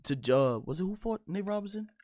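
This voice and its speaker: A man's voice: high voice, animated, a little fast, darkish tone, dry recording. A man co-hosting a podcast, talking sports in a casual, slangy, opinionated way. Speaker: podcast co-host.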